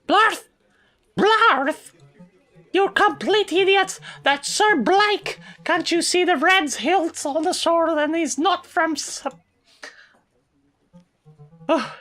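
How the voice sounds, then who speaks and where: A woman's voice: on the high side, animated, a little slow, pitched above the performer's own voice. A woman voicing game dialogue for a condescending older female coworker who calls everyone sweetie. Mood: mocking. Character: sugary, sharp-tongued older woman coworker.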